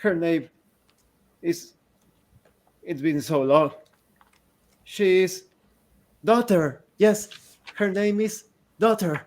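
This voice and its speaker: A man's voice: high-pitched, drawn-out words, long pauses, darkish tone, voice pushed up. A man voicing a grieving, half-mad village mother who pleads in broken, repeated phrases. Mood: pleading.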